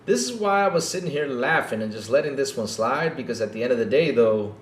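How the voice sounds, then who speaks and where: A man's voice: medium pitch, animated, a little fast, echoey room, slight background noise. A man hosting a gaming podcast in a casual, mocking rant, often tacking "though" onto his sentences.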